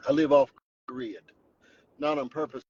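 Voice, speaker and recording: A man's voice: medium pitch, little pitch movement, unhurried, a little mellow, lo-fi sound, slight background noise. A man vlogging from his truck on the drive home, telling an exaggerated mock-dramatic story in a Southern Appalachian accent. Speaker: vlogger host. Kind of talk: joking storytelling vlog.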